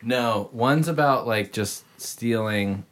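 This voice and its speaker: A man's voice: mid-range voice, takes it slowly, a bit bright. A man in casual chat among friends, mumbling and trailing off, laughing at himself.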